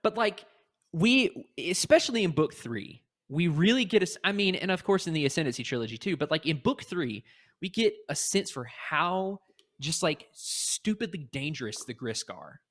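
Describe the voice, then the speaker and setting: Here a late-twenties man from North Carolina co-hosts a podcast, and the easygoing chat turns into a heated rant where his voice leaps up. His pitch is fairly high and his pace moderate.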